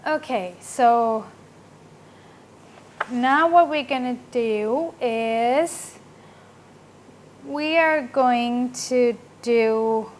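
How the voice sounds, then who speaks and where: A woman teaching an English grammar lesson, explaining slowly and often checking with "right?". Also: fairly high pitch, slight background noise.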